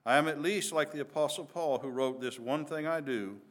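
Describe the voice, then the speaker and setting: A man's voice: on the high side, fairly quick, close to an everyday voice. A man voicing a resolute male Union colonel who speaks firmly and gives orders. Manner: firm, commanding.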